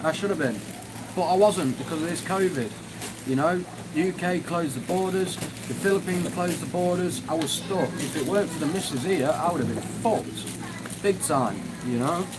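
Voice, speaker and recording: A man's voice: a little high, moderate pace, background noise. A man hosting a live stream, ranting angrily and swearing heavily as he reads and answers chat. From United Kingdom. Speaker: livestream host.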